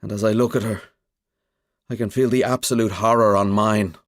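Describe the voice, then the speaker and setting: A man's voice: lowish voice, normal speed, no echo, studio quality. A man narrating a suspense audiobook in the first person, telling it dramatically. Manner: expressive, dramatic storytelling.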